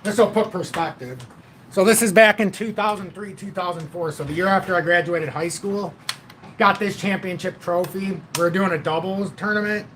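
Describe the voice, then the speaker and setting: A man in his forties hosts a casual livestream and talks in a rambling, blunt way, swearing freely. His voice sits a little high for a man. There is faint hiss under the voice. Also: moderate pace, a bit bright. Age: 40s. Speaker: livestream host.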